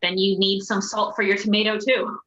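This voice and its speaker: A woman's voice: mid-range voice, level tone, moderate pace, sharp tone. A woman chatting casually as a guest, pressing her point with repeated questions. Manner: insistent, questioning, laughs easily. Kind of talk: casual chat. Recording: dull lo-fi call audio.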